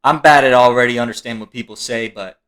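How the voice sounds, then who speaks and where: A man riffs through a comedic reaction commentary on online videos. His voice is bright and forward, and he jokes, laughs and swears casually as he tries to explain what is going on. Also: mid-range voice, quick pace.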